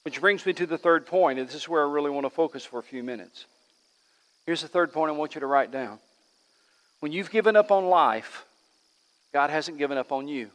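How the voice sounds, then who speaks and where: Male pastor, higher voice, dynamic sermon delivery that swings loud and soft, long hall reverb. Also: expressive, brisk, long pauses. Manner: preaching, swinging between loud emphatic lines and hushed ones. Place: church.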